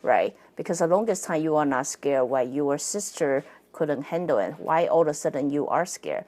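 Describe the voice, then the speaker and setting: Low-pitched lady, english isnt her first language, chatty solo podcast, keeps laughing and saying right?. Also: lively intonation, moderate pace, a little mellow. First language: not English. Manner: chatty, laughs often, asks rhetorical "right?". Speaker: podcast host, psychic and spirit coach. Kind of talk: casual solo podcast talk.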